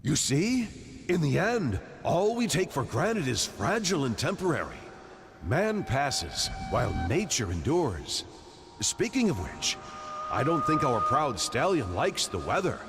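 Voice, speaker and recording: A man's voice: on the high side, big pitch swings, measured pace, noisy background. An actor playing a self-important, theatrical father who speaks in lofty, philosophical declarations in a video game. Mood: musing.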